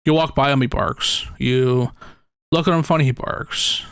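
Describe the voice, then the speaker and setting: Man, podcast host, gravelly low rasp, dry close sound, rambling casual chat. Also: fairly even intonation, unhurried, a bit bright, no room sound. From United States. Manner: rambling, jokey, laughs often.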